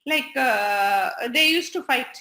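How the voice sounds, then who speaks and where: Bright high-voiced woman telling stories. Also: takes it slowly. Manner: animated, voices the figures' dialogue. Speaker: storyteller for children. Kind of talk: telling a devotional story to children. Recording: echoey room.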